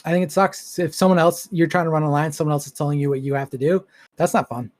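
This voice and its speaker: A man chatting as a podcast guest, blunt and animated, swearing as he acts out a story. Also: on the high side, fast talker, dry recording, clean studio sound. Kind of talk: casual podcast chat.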